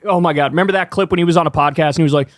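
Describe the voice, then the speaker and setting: A man with a high voice delivers heated political commentary, cursing freely and tossing in casual slang. The sound is dry and close, with no room around it. He rants at full steam. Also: rapid-fire, no echo. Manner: heated, profane ranting.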